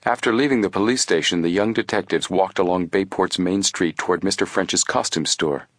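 A man narrating an adventure audiobook in a steady, expressive storytelling manner. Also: sits low, brisk, no echo.

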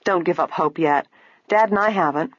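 A woman reading an audiobook, voicing a kind, brisk young female detective who talks reassuringly. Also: lowish voice, breathy edge, no echo. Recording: dull, lo-fi, dry.

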